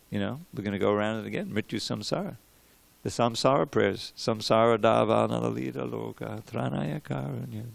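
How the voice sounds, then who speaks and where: Gravelly older man teaching scripture. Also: medium pitch, dry recording. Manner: conversational, digressive, many restarts, stops to drill pronunciation. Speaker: visiting teacher giving a scripture class. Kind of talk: devotional scripture class with chanting of verses. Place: temple room.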